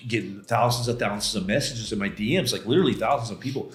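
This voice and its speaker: A middle-aged man, a podcast guest, telling his life story in an animated, casual way, often calling the host "man" and acting out what others said. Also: lowish voice, quick pace. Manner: animated, acts out quoted voices, frequent "man". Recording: roomy studio echo.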